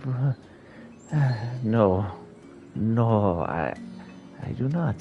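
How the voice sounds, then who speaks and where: A man's voice: fairly low pitch, big pitch swings, extremely slow, lo-fi sound, soft background music, heavily acted. A man voicing a timid, fretful male kobold in a game, stammering and piling up anxious synonyms. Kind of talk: reading game dialogue aloud in character.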